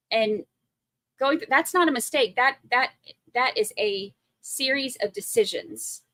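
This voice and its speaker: Chatty Southern woman, bright tone. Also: on the high side, a little slow, dry recording. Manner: chatty, rambling, heavy on fillers. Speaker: livestream host. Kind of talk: casual livestream commentary.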